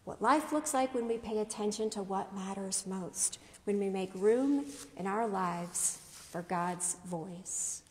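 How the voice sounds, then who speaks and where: A woman pastor preaching a sermon in a measured style, asking rhetorical questions. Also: medium pitch, a little mellow, long reverb tail. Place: church.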